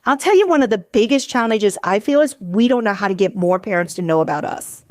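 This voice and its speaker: A woman's voice: medium pitch, animated, brisk, no echo. A middle-aged woman speaking as a panelist at a workshop, talking candidly and earnestly in a conversational way, often restarting her sentences. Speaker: panelist, community program leader. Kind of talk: panel discussion talk.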